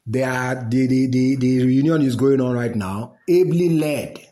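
A man's voice: mid-range voice, a little slow. A middle-aged man with a Nigerian accent in a casual, mocking rant, laughing as he talks to his listeners. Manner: mocking, animated, laughs while talking. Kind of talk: casual rant in pidgin and English.

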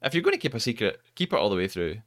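A man's voice: on the low side, big pitch swings, racing, a bit bright, dry recording, studio quality. A man hosting a podcast, chatting casually, asking his guest questions and laughing easily. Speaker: podcast host. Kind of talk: casual chat.

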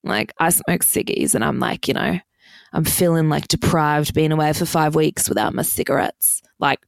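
Speaking in a steady tone, a young woman tells stories on her podcast with a low, gravelly voice full of vocal fry. She's chatty and sweary, with "like" filling every gap. The sound is close and dry, carrying no room ambience.

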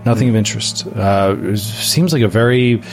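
A man's voice: fairly low pitch, normal speed, faint music behind. A man running a tabletop horror game as game master, joking and laughing often with his players.

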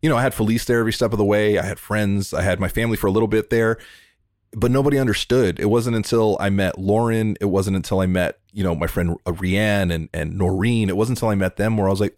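A man hosting a podcast interview over a remote call, talking in an earnest, heartfelt way and in quick bursts. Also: on the low side, steady tone, darkish tone, dry recording, studio quality. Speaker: podcast host. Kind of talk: emotional interview conversation.

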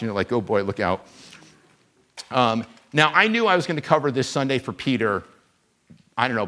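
A man preaching a sermon as a guest preacher. He speaks in a conversational, animated way and pokes fun at himself. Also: mid-range voice. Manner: conversational, animated, self-deprecating.

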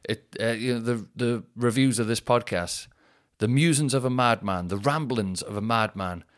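A man's voice: medium pitch, moderate pace. A young man, a comedian hosting his podcast, rambling through a sweary, self-mocking monologue full of tangents.

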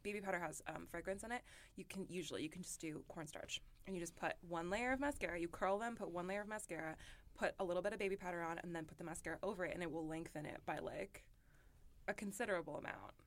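Young woman podcast co-host, rather low voice, animated chatty delivery. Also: quick pace. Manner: chatty, animated, lots of fillers. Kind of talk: casual beauty chat.

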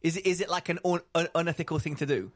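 A man co-hosting a podcast, talking in an excitable, rambling way. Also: a little high, racing. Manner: excitable, rambling, laughs often, trails off mid-thought. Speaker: podcast co-host. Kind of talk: casual chat.

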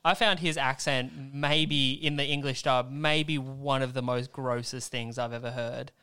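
A man's voice: medium pitch, steady tone, measured pace, bright, forceful tone, smooth. A man hosting a casual podcast chat who talks enthusiastically and often restarts his sentences. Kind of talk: casual chat about anime.

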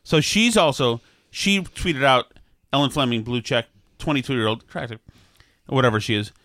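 A man's voice: medium pitch, normal speed, a bit bright, dry recording, clean studio sound. A man hosting a casual talk show, grumbling and sardonic, with mock outrage. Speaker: radio show host.

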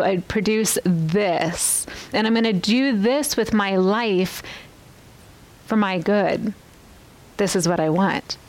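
A woman's voice: medium pitch, rough recording. Earnest woman teaching scripture. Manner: earnest, asks the listener rhetorical questions. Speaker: Bible teacher. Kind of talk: podcast Bible teaching.

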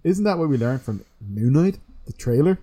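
Chatty guy with a mellow voice. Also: mid-range voice, very animated, moderate pace. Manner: chatty, jokey, trails off and restarts. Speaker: podcast co-host. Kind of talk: casual chat.

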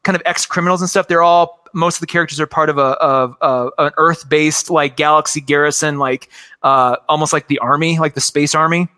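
A man's voice: fairly high pitch, fairly even intonation, a little fast, pushed and bright, clear, resonant tone. A man in his forties chatting enthusiastically about cartoons, rambling with lots of fillers. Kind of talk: casual chat about cartoons.

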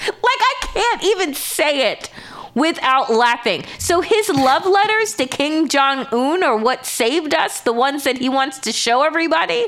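A woman's voice: sits high, lively intonation, a little slow, a bit bright. A woman co-hosting a political podcast in casual chat, sarcastic and profane, often breaking into laughter. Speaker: podcast co-host.

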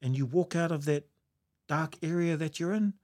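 A man's voice: on the high side, normal speed, a little mellow. A New Zealand man telling stories in a casual chat, reflective, laughing often and using Maori words.

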